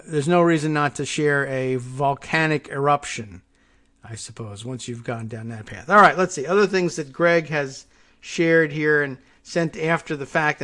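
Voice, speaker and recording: A man's voice: on the high side, a bit bright. A man from the United States hosting a casual solo talk show, rambling and wry, full of asides and restarts. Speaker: political talk show host.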